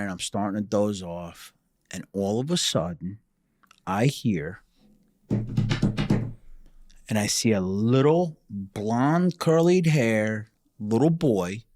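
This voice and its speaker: A man telling a story as a podcast guest, animated and profane, acting out the dialogue as he goes. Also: on the low side. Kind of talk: casual storytelling.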